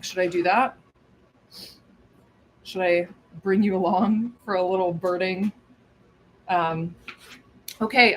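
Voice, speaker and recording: A chatty woman talks casually while she cooks in her home kitchen. She rambles and wanders away from the mic now and then. Her voice sits at a middling pitch, and faint kitchen noise runs underneath. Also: a bit bright, low-quality recording. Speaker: cooking livestream host. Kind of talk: casual chat while cooking.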